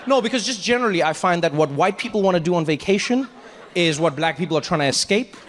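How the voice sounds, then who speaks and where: A man from Africa with a high, lively voice tells a stand-up story full of quick asides. His words echo across a big venue with a long reverb. Faint room ambience sits underneath. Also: background noise. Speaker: stand-up comedian. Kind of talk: stand-up comedy set.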